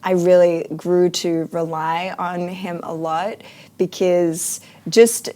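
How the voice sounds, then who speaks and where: Woman, interview guest; lower register, earnest, reflective delivery. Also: fairly even intonation, slow pace, dark tone. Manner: earnest, reflective, frequent fillers. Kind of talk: casual interview.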